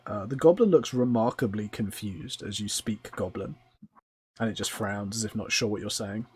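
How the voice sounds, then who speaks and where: A man narrating a tabletop game as game master, describing scenes at length with many pauses. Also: lowish voice, a little mellow, breathy edge.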